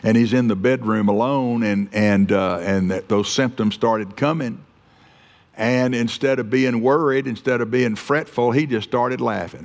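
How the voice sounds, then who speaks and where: A man's voice: medium pitch, unhurried. A man preaching a sermon, earnest, often repeating and restarting his words. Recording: long reverb of a hall.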